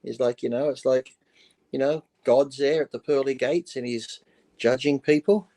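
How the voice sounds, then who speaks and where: A man's voice: medium pitch, steady tone, moderate pace, warm tone. A man co-hosting a casual chat, telling jokes and stories in a loose, offhand way. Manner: loose, joking storyteller. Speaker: regular co-host.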